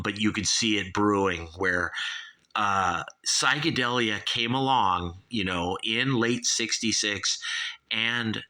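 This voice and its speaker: Slow, slangy man. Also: on the low side, pushed and bright. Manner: slangy, rambling, keeps saying "you guys" and "dude". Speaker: album reviewer, show host. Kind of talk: casual album review monologue.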